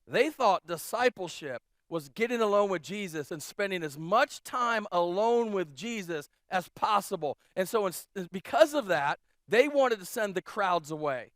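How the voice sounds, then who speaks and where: A male pastor preaching a sermon, telling stories in a casual, animated way with many restarts. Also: high voice, a little slow, few pauses, no echo, clean studio sound. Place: church auditorium.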